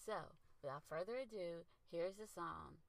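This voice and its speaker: A woman's voice: on the low side, moderate pace, gravelly. A woman hosting a podcast in a casual way. She speaks directly and affectionately to her listeners. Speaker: podcast host.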